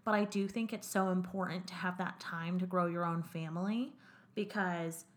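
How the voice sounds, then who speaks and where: A woman's voice: fairly low pitch, steady tone, normal speed. Candid young woman podcast co-host. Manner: candid, swearing, quotes others in run-on retellings. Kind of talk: casual podcast chat.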